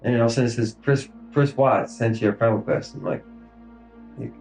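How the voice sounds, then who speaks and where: A man in his thirties speaking in a recorded police interview, halting and grief-stricken, with many fillers and trailing pauses. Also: mid-range voice, steady tone, gravelly, darkish tone, soft background music, low-quality recording. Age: 30s.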